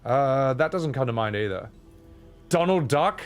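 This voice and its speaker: A man's voice: medium pitch, expressive, measured pace, clear, resonant tone, soft background music. A man streaming a game, chatting casually with viewers, joking, laughing and swearing. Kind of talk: casual live-stream chat.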